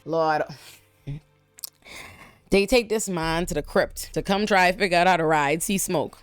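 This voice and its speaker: A woman hosting a casual TV episode breakdown, talking in an animated, slangy, profane way with frequent exclamations. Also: on the low side, measured pace, long pauses, clear, resonant tone, no echo, faint music behind. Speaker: show recap host.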